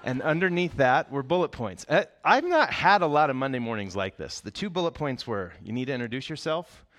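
Brief: male pastor, mid-pitched, casual storytelling sermon with humor. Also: brisk. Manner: conversational, animated storytelling with humor.

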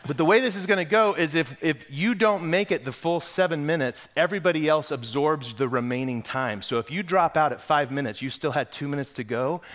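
A man preaching a sermon, telling a lively, self-mocking story with quick asides before turning to scripture. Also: fairly high pitch. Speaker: pastor.

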